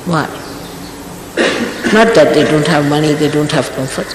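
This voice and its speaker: A woman's voice: deep voice, measured pace, noisy background. Older woman scolding in an echoey hall. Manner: scolding, emphatic, rhetorical questions. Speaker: spiritual teacher. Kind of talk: exhorting talk to followers. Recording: echoey hall, archival recording.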